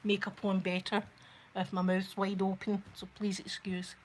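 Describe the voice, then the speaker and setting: Scottish woman, ASMR host, soft chatty rambling, close mic, faint hiss. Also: mid-range voice, little pitch movement, moderate pace, rough recording. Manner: chatty, rambling storyteller who talks to viewers. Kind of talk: soft-spoken ASMR makeup chat.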